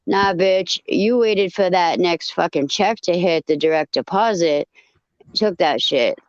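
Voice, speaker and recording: A woman telling a story in casual chat, blunt and profane, with animated retelling. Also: lowish voice, measured pace, dry recording, highs cut off.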